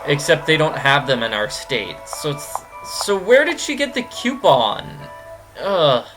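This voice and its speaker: A man's voice: fairly high pitch, huge pitch swings, moderate pace, music in the background. A man giving gameplay commentary, rambling and cracking goofy jokes. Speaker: let's player.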